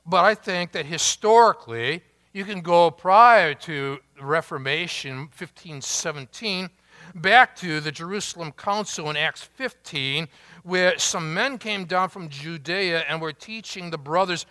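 Male pastor, sermon, slow emphatic delivery, slightly high voice. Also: bright, forceful tone. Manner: slow, emphatic preaching with long pauses.

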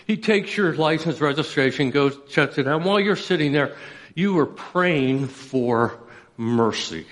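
Man, pastor, sermon, dramatic pauses, reverberant sanctuary. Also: fairly high pitch, expressive. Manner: storytelling with dramatic pauses and rising intensity. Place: church sanctuary.

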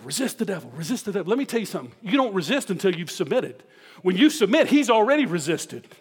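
A male pastor with a voice that sits high preaches an emphatic sermon, posing many rhetorical questions to the congregation. The recording has a big-room sound.

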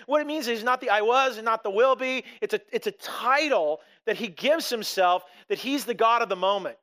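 A man's voice: very high-pitched, expressive, normal speed, few pauses, pushed and bright. A middle-aged man preaching a sermon as pastor, talking conversationally and often restarting his sentences. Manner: conversational, with frequent restarts and acted-out quotes.

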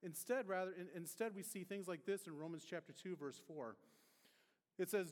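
A middle-aged man preaching to his congregation, easing into a sermon through a funny story from his youth. His voice sits a touch high for a man and carries a long reverb from a large hall. He talks casually, restarts sentences often and drops his voice for the punchlines. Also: normal speed. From Detroit area, USA. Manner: conversational storytelling with humor, many restarts. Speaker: pastor.

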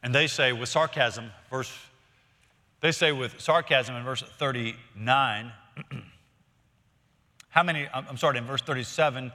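Bright-voiced preacher in a reverberant hall. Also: male voice, medium pitch, measured pace. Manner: conversational, storytelling preaching with rhetorical questions. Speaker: pastor. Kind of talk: sermon.

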